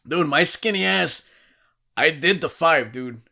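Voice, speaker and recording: A man's voice: fairly high pitch, expressive, a little slow, creaky, pushed and bright. A man in his thirties, a podcast host, telling profane, rowdy stories in casual chat and acting out the quotes.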